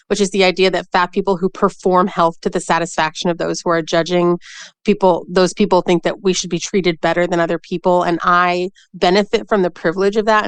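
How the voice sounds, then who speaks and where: A woman's voice: lowish voice, smooth, no room sound. A woman in her forties speaking as a podcast guest, explaining things with assurance and dry humor. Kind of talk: casual interview talk.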